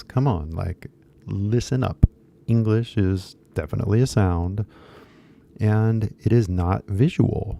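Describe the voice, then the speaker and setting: A man's voice: lowish voice, takes it slowly, creaky, warm tone. A man with an American accent giving a casual, rambling English pronunciation lesson, repeating key words for emphasis. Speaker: English teacher.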